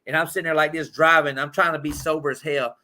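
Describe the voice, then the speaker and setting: Bright profane man telling rambling stories. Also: fairly high pitch, fairly even intonation, fast. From Indianapolis. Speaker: podcast host. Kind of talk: casual sports chat.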